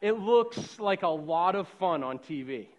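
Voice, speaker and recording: A middle-aged man from the Boston suburbs preaching a sermon, telling a story in a loose, conversational way and swinging from hushed to loud. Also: high voice, lively intonation, unhurried.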